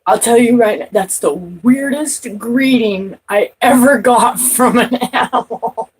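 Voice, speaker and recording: A woman with a husky, breathy voice talks to the camera in a rambling, profane way. She starts lines over and over, jumps between loud outbursts and quiet asides, and lets her sentences trail off. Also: a little high, measured pace, poor audio. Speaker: vlogger. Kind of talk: rambling personal talk to camera.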